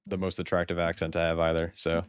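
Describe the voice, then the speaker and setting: A man's voice: deep voice, monotone, quick pace, clean tone. An American man rambling casually while streaming a game, swearing freely and laughing often. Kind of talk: casual live-stream chat.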